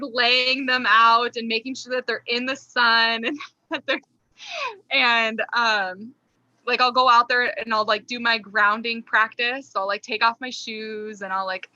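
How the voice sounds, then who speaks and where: Bright, high-voiced giggly woman. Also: dry recording, muffled recording. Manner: giggly, rambling, friendly. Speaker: podcast co-host. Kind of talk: casual chat.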